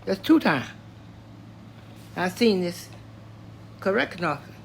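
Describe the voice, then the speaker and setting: Slow-spoken older man telling his story. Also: high voice, very animated, creaky, a little hiss or hum. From Tennessee, US South. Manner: slow, plainspoken, matter-of-fact telling. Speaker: storyteller recounting his life.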